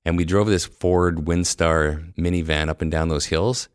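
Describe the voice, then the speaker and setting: A man's voice: deep voice, steady tone, a little slow, smooth, no room sound, studio quality. A middle-aged Canadian man with a Canadian accent, an orthodontist guest telling rambling stories in a casual podcast chat. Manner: rambling, laughs at his own stories. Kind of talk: casual storytelling. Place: podcast recording.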